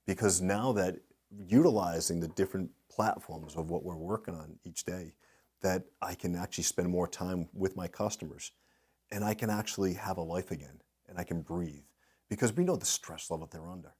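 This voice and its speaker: A middle-aged man with a fairly low voice talks as an interview guest. He tells lively anecdotes and slips into the voices of the people he quotes. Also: moderate pace, slightly rough. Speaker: guest speaker, industry consultant. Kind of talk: storytelling in a podcast interview.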